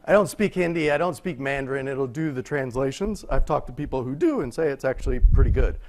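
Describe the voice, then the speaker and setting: A man's voice: medium pitch, lively intonation, fairly quick, darkish tone. A man giving a conference talk in a conversational way, often asking rhetorical questions and checking in with "right?". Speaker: conference speaker. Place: lecture room.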